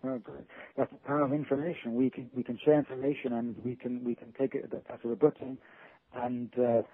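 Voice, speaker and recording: A male author guest talking earnestly in a casual interview, halting often and restarting his sentences. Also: mid-range voice, flat delivery, dry recording. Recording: tinny phone line.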